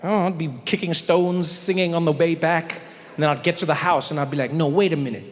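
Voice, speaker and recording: A man doing stand-up comedy with animated storytelling and frequent self-interruptions. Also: on the high side, fast, a little hiss or hum. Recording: live venue with long reverb.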